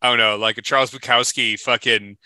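A man in casual chat, joking and excitable, with many fillers like "dude" and "like". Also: medium pitch, fairly quick, dry recording. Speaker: podcast co-host.

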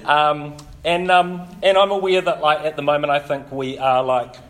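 A man giving a relaxed, chatty sermon as pastor, with frequent ums and likes. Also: on the high side, moderate pace. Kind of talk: casual sermon.

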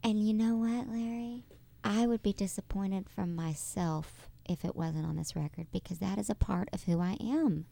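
Bubbly woman with a gravelly edge. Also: medium pitch, warm tone, no room sound. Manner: bubbly and effusive, with quick laughs and affectionate terms. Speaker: interview guest, stage performer. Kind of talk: casual interview chat. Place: radio studio.

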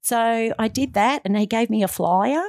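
A woman's voice: on the high side, moderate pace, no echo, clean studio sound. A middle-aged woman being interviewed as a guest, telling her story in an earnest, heartfelt way and acting out the dialogue she quotes. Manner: animated, acts out quoted dialogue.

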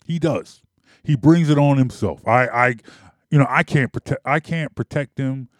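Philly-sports talker, opinionated and insistent, mid-pitched, dry sound. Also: male voice, unhurried, no room sound. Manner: emphatic, repetitive, argumentative. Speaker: sports commentator.

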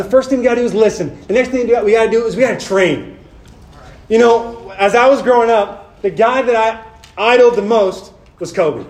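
Young male speaker, high-pitched and animated, casual sermon delivery, echoey room. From Southern California. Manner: casual, animated, talks directly to the audience. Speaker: speaker at a men's retreat.

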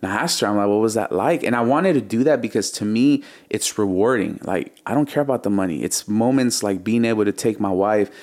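Man, lower register, laid-back interview guest who hums beats and acts out quotes. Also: brisk, few pauses. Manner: animated, imitates beats and quotes others. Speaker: music producer guest. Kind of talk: casual storytelling interview.

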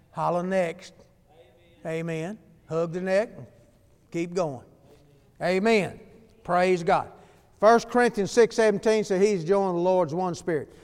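Male preacher, high clear voice, emphatic folksy sermon, long reverb in a hall. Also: a little mellow. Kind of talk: fiery sermon.

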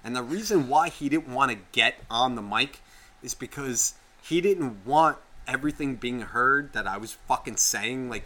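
A man co-hosting a podcast, telling a gaming story in animated, profanity-heavy casual chat. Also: mid-range voice, normal speed. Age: adult, past eighteen. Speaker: podcast co-host.

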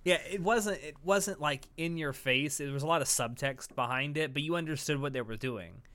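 Bright, clear-voiced man telling a story. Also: on the high side, moderate pace, no room sound. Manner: animated storytelling, swears freely, acts out quoted lines. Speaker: podcast co-host recapping an anime episode. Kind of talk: casual chat.

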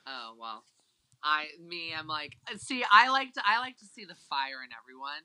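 Very bright, excitable podcast voice. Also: medium pitch, moderate pace, low-quality recording. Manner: emphatic, excitable recaps. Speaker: podcast co-host. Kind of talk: casual chat.

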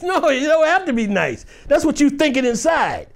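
Middle-aged man, actor, lively interview storyteller; high, swooping voice with frequent laughs. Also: fairly quick. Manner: animated, laughing, acts out quoted voices.

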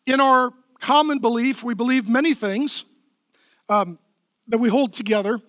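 A man's voice: extremely high pitch, moderate pace, fairly bright tone, no echo, studio quality. A man preaching a sermon as pastor, emphatic and conversational, asking the crowd questions and answering them himself.

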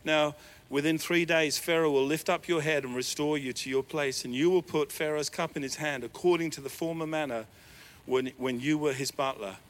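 A man preaching a sermon as pastor, animated, with sudden swings between loud, raised lines and quiet asides. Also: on the high side, moderate pace.

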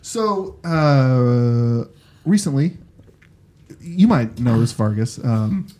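A man's voice: mid-range voice, lively intonation, very slow, warm tone. A man co-hosting a casual podcast, rambling with hesitations and laughs. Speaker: podcast co-host. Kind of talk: casual chat.

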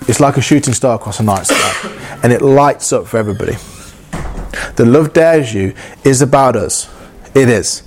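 A man's voice: mid-range voice, a little mellow. A man preaching a sermon in an earnest, conversational way, often acting out inner dialogue and repeating phrases.

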